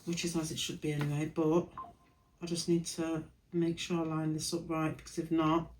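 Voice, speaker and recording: A woman's voice: deep voice, completely flat delivery, moderate pace, a little mellow, slight background noise, rough recording. Tired woman muttering over crafts. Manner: chatty, self-mocking, muttering to herself while working. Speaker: craft studio owner. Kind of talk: casual crafting vlog narration. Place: home craft studio.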